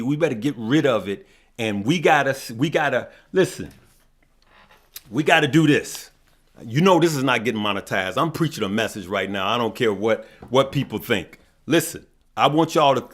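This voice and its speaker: Middle-aged man, mid-range voice, channel host, impassioned livestream talk, preachy and folksy, repeats himself. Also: mid-range voice. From West Side of Chicago. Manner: preachy, repetitive, folksy storytelling. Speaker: stock market channel host.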